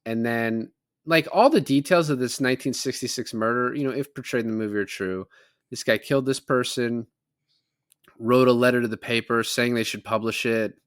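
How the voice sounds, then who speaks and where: A man's voice: medium pitch, moderate pace, clean tone, no room sound. Dry-sounding man recapping a film. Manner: rambling recap, quoting film lines in character. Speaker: podcast co-host. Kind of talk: casual movie recap chat.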